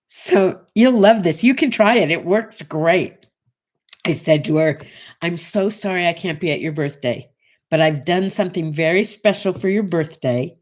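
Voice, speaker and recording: A woman in her sixties hosting a morning show, telling a casual story and acting out the voices of the people in it. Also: on the low side. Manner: animated, acts out voices in her anecdotes.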